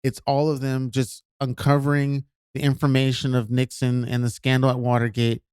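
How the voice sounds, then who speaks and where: Smooth-voiced man asking curious questions. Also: mid-range voice, monotone, a little mellow, dry recording, studio quality. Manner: curious, asks many quick questions. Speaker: podcast co-host. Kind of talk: casual chat.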